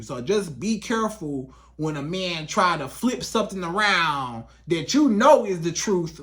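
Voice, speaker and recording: A man's voice: a little high, fairly bright tone. A man working as a relationship coach, talking straight to the viewer in a casual advice monologue, repeating himself for emphasis and acting out quoted lines.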